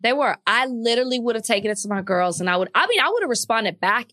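A woman in casual podcast banter who swings her pitch a lot as she talks. Her voice is bright and forward. She is quick to defend her side. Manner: lively, quick to push back. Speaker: podcast co-host. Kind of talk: casual chat.

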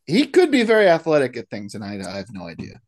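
Podcast co-host, very swinging pitch, halting, trails off, interjects. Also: huge pitch swings, darkish tone. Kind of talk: casual chat.

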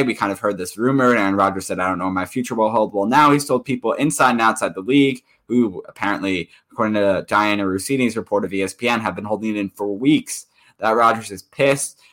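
A man's voice: lowish voice, bright, forceful tone. A man co-hosting a casual sports podcast, rambling with frequent restarts. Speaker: podcast co-host.

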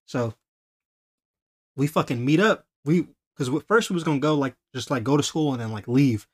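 Animated young man telling a story. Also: on the high side, normal speed. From Los Angeles. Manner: animated, laughing, acting out quoted voices. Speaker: podcast host. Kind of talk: casual storytelling.

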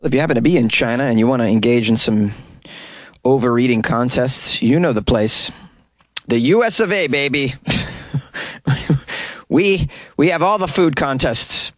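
A man with a Boston accent hosts a comedy news podcast, reading odd stories with wry, joking asides. His voice sits at an ordinary male pitch. He records in a small closet, so the sound is close and completely dry. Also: moderate pace, long pauses, no room sound. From Boston, USA. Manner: joking, wry asides, laughs at own jokes.

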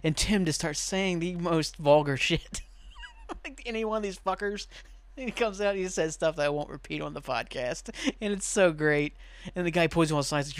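A man's voice: fairly high pitch, clear, resonant tone, no echo. A young man hosting a podcast in casual, rambling chat, laughing often and swearing now and then. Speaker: podcast host.

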